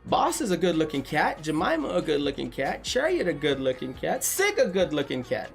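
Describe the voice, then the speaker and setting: A married man hosts a casual stream, telling stories with animation and reading viewer messages aloud. His voice is a little high, a little fast and gravelly, with soft music in the background.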